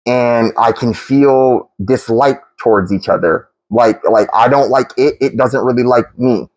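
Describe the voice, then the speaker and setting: A man talks through a rambling spiritual monologue, stopping often to restart and reach for words. His voice sits at an ordinary middle pitch. The sound is dry and close, with little room in it. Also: no room sound, rough recording. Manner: halting, many restarts and fillers. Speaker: tarot channel creator.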